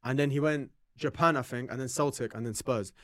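A man's voice: medium pitch, brisk, fairly bright tone, no echo, clean studio sound. Laid-back young man. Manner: laid-back, rambling, swears freely. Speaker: podcast co-host. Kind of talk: casual banter.

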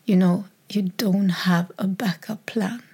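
A woman with a Swedish accent, a native Swedish speaker, telling a personal story in a strained, emotional voice. She talks haltingly, restarts often and drops into a soft whisper. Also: medium pitch, steady tone, husky. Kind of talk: personal testimony.

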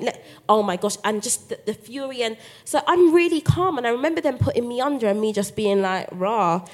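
A woman's voice: on the high side, brisk, few pauses. A woman, a guest author telling her story in a live podcast interview, acting out the voices of others as she goes. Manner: animated storytelling, acts out quoted voices. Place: live festival stage.

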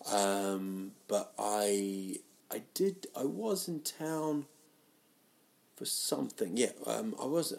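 Guy rambling thru a goofy solo comedy bit, lowish voice, keeps slipping into loud silly voices. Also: gravelly. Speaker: comedian doing a solo audio show. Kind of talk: rambling comic monologue.

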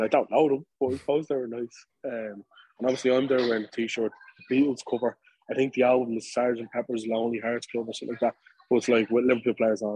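An Irish man from Dublin tells a lively pub story on a casual podcast, peppering it with fillers and swearing. His voice is husky and slightly rough. The sound is dry and close, with no room around it. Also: mid-range voice, no echo, low-quality recording. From Ireland. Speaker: podcast co-host. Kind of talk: casual chat.

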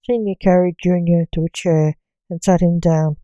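A woman narrating a story in a measured, steady reading voice. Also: lowish voice, smooth, no room sound, lo-fi sound.

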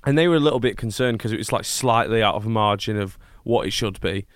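A man's voice: lowish voice, fast, no echo, studio quality. A young man with a Mancunian accent, born in Scotland, chatting as a guest in a casual interview, laughing often and restarting his sentences. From born in Scotland, raised in Manchester.

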